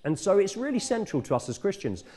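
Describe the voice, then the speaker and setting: A man's voice: high-pitched, big pitch swings, fast, mellow. A middle-aged man, preaching a sermon in a church in a conversational, self-correcting teaching manner.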